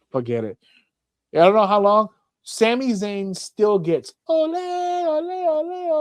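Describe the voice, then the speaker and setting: Profane, animated man hosting a podcast. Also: a little high, no echo, studio quality. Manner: profane, animated storytelling with mocking fan voices. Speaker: podcast host. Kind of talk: casual chat.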